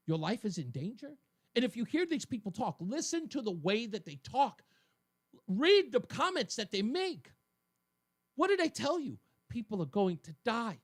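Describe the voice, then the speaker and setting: This is a man's opinion monologue from his talk radio show, argumentative and emphatic, shifting between loud passages and quiet ones. The audio is studio-clean and dry.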